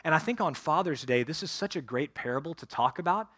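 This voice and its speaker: Мужчина-пастор, довольно высокий голос. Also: male voice, fairly high pitch, animated, fast, pushed and bright. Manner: earnest, addresses congregation directly. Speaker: pastor. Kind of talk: sermon.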